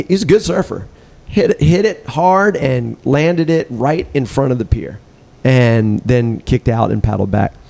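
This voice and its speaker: A man hosts a relaxed conversation, his voice carrying a gravelly edge. He tells stories loosely, restarting and laughing as he goes. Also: medium pitch. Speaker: podcast host. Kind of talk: casual chat.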